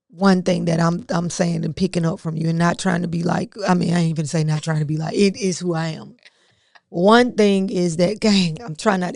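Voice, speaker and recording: A woman's voice: on the low side, creaky, darkish tone, no echo, studio quality. A woman co-hosting a podcast who speaks in a reflective, encouraging tone in casual chat. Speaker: podcast co-host.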